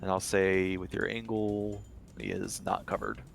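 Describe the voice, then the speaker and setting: A man runs a tabletop game session with a low, gravelly voice. He keeps things upbeat and laughs often. Faint music plays behind him. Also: flat delivery, measured pace. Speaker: game master.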